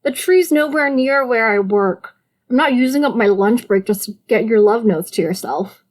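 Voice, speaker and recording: A woman voicing an irritable young adult brother who snaps back loudly in an audiobook. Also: on the high side, expressive, normal speed, close to an everyday voice. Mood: annoyed. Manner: loud, exasperated retorts. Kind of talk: audiobook character voice.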